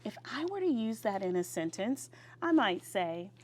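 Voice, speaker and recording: A woman teaching young children vocabulary in a classroom, leading them in call-and-response. She draws words out and praises each answer. Her voice sits at a middle pitch over a faint hiss. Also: big pitch swings, moderate pace.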